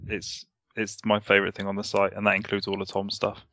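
A man's voice: fairly low pitch, completely flat delivery, a little fast, bright, forceful tone, no room sound. A man co-hosting a casual podcast chat, rambling, hedging a lot and swearing casually. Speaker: podcast co-host. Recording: slightly muffled dry recording.

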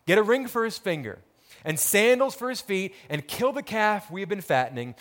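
Animated high-voiced male preacher. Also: normal speed. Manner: dramatic storytelling, acts out quoted characters. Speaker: pastor. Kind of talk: sermon.

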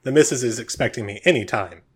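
A man's voice: mid-range voice, fast, breathy edge, close to an everyday voice. A man voicing Bob, a chatty, cheerful married man who rambles. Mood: cheery. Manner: rambling, upbeat.

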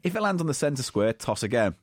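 A man's voice: mid-range voice, big pitch swings, quick pace, slightly rough, no room sound, studio quality. A man reading game rules aloud and bantering teasingly as a comedy co-host. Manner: reads aloud, teasing, swears, laughs.

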